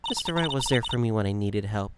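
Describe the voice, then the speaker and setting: A composed, soft-spoken young woman, quiet and measured, as a man reads her lines near his own low voice. The delivery is subdued and gentle. Heavy noise sits behind it. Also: lively intonation, lightly acted. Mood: calm. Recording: loud background noise.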